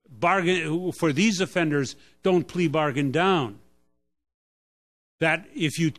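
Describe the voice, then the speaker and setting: An older man, an academic, giving a public speech about policing in a halting way, repeating words and restarting sentences as he lectures. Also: a little high. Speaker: academic speaker at a policing event.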